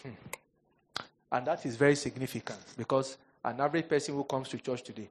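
Brisk and mid-range with a breathy edge, this man is a pastor preaching. His sermon is full of humorous, animated stories, jokes, and playful impressions of the people he quotes.

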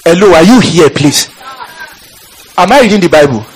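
This is a man preaching a fiery sermon in church. His voice is high and husky, and it swings widely in pitch. He shouts out scripture and keeps calling on the congregation to answer him. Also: animated, normal speed, low-quality recording.

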